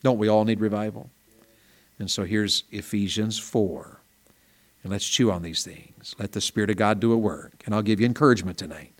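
A man preaching a revival sermon in a small church, folksy and storytelling, rising to loud emphatic peaks. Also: lowish voice, steady tone, normal speed.

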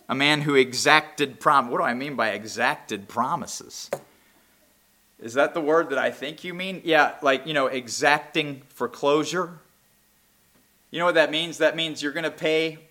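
A man preaching a sermon, swinging between impassioned near-shouts and low, quiet asides.

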